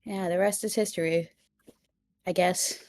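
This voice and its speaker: A woman playing a tabletop game, giggly and animated, telling stories with halting restarts. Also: on the low side, dry recording. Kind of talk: in-character table banter.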